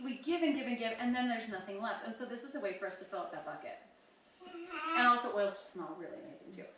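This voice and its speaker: A woman presenting a live workshop to a group, chatty and quick to laugh, speaking straight to her audience. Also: medium pitch, a bit bright, recorded from a distance, a little hiss or hum. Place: retreat meeting room. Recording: echoey room recorded from afar.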